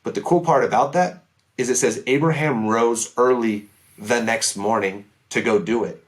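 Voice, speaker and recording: A man's voice: medium pitch, normal speed. A man speaking as a podcast guest, sharing his testimony in an earnest, emphatic way. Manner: earnest, emphatic, many "right?" asides. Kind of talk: casual testimony chat.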